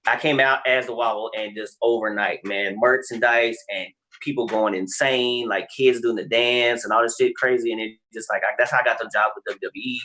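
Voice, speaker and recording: A man's voice: medium pitch, steady tone, a little fast, few pauses, sharp tone. A man from Texas, a guest on a podcast, telling stories casually and animatedly, acting out other people's lines and swearing freely. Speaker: guest, creator of the wobble dance and wrestler.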